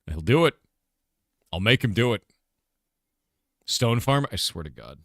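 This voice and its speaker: This game developer has a lowish voice and talks a little slowly, keeping things casual with his livestream chat. Animated, he poses questions to viewers, muses aloud, and erupts into sudden emphatic bursts. There's no room sound, just clean studio audio.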